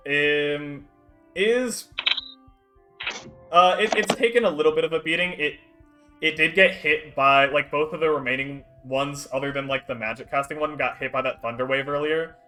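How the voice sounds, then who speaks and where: A man acting as dungeon master, explaining rules with many pauses and ums. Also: a little high, over music. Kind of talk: running a tabletop game over a stream.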